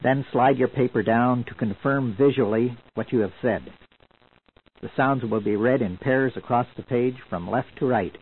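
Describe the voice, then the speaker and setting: A man's voice: medium pitch, breathy edge. Man narrating an old lo-fi language tape. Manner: measured, explanatory. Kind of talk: scripted instructional narration.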